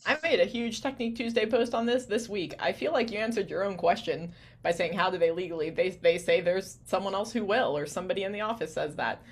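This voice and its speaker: A woman's voice: mid-range voice, fast talker, hardly any pauses, breathy edge. A woman acting coach on a podcast giving confident, practical explanations to parents. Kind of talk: advice-giving podcast talk.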